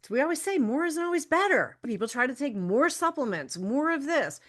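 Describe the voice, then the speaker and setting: A woman's voice: sits high, sing-song, brisk, fairly bright tone. A woman hosting a solo podcast as a health coach, talking in a chatty, frank way, laughing often, swearing casually and stretching words for emphasis.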